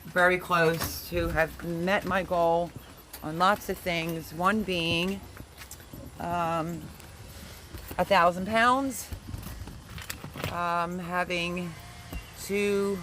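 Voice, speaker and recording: A man's voice: high-pitched, fairly even intonation, drawn-out words, long pauses, sharp tone. A man hosting a casual livestream from his backyard garden, chatting in a rambling way and answering viewer comments. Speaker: livestream host, home gardener. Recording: noisy outdoor ambience.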